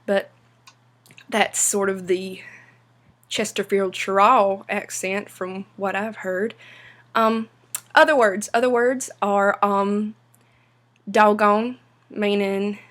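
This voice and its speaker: A young woman with an Appalachian Southern accent, casually explaining things to viewers in a vlog, pausing often with "um". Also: medium pitch, fairly even intonation, fairly bright tone. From western North Carolina. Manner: unhurried, many "um" pauses. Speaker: vlogger.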